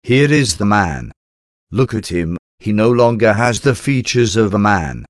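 Man reading a wavering Roman governor, low voice, slow, dry devotional reading. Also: expressive, no room sound. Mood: questioning.

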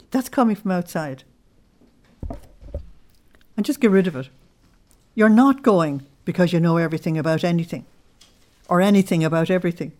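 Low-voiced woman giving an earnest sermon. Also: darkish tone. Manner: earnest, unhurried, personal storytelling. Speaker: religious teacher. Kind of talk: spoken sermon.

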